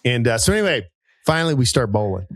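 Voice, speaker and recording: A man in his thirties, a podcast co-host telling a rambling, animated story with many fillers and jumps into high voices for people he quotes. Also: fast talker, dry recording. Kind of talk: casual storytelling chat.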